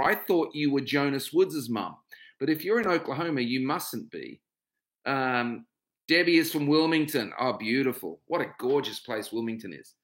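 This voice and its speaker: A man's voice: mid-range voice, bright, forceful tone. A middle-aged man hosting his own livestream, chatting casually and greeting viewers one by one by name.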